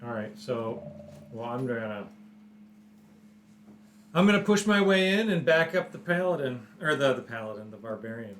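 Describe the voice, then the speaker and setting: A man's voice: medium pitch, animated, moderate pace, pauses often, a bit bright. A man playing a tabletop game who talks casually and corrects himself mid-sentence. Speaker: player. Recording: echoey room with noise.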